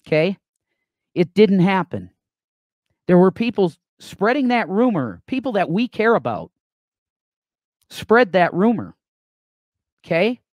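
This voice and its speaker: A man's voice: high voice, big pitch swings, slow, long pauses, dry recording. A man co-hosting a live call-in stream, talking emphatically and punctuating points with repeated "okay?". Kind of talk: heated live stream talk.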